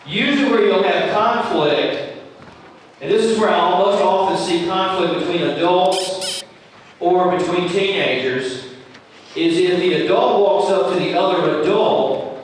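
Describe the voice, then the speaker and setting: A man's voice: high voice, a little slow, a little hiss or hum. A man leading a church training session, talking conversationally and acting out quoted lines as examples. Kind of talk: training talk to volunteers. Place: church room. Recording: echoey room from far off.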